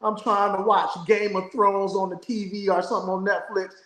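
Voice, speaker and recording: A man hosting a casual chat, asking questions in a joking, animated way. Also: high-pitched, moderate pace. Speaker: host. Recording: roomy echo.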